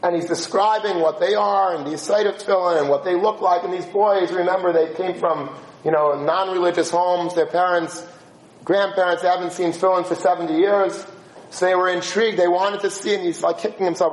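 A man telling a spoken religious story, acting out the dialogue with lively shifts of pace. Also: sits high, a little fast, echoey room, poor audio.

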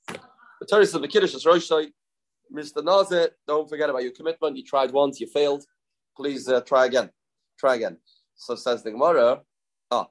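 A man's voice: mid-range voice, low-quality recording. A man teaching a daily Talmud lesson, mixing English with Hebrew and Aramaic terms, often repeating phrases and asking himself questions.

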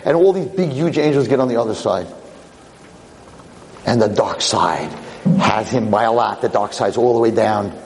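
Animated man telling a sermon story. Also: mid-range voice, moderate pace, long pauses, big-room sound, slight background noise. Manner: animated, theatrical, shifting pace. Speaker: rabbi lecturer.

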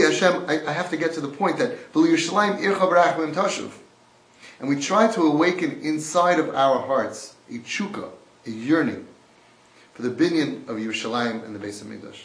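A man teaching a sermon-style class, swinging from hushed to loud and mixing in Yiddish and Hebrew terms. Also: fairly high pitch. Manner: swings between hushed and shouting, acts out voices. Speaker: rabbi giving a Torah class. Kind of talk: impassioned sermon. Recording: echoey room.

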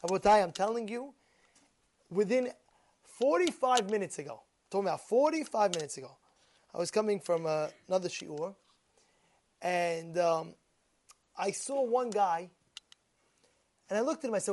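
Animated storytelling rabbi, a man. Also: sits high, normal speed, pauses often. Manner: animated, acts out quoted dialogue, repeats phrases; sprinkles Hebrew and Yiddish words. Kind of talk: Torah class with personal storytelling.

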